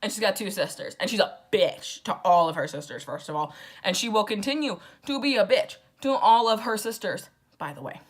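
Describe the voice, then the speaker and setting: A woman's voice: medium pitch, animated, fairly quick, hardly any pauses, breathy edge. A drunk young woman rambling through a casual, profane book summary with sarcastic asides. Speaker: book vlogger.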